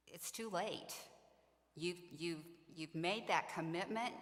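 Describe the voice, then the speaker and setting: A woman's voice: on the low side, a little slow, fairly bright tone, long reverb tail. A woman addressing parents in an earnest, informational talk about a student program, sometimes acting out what students and parents say. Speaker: program staff speaking to parents.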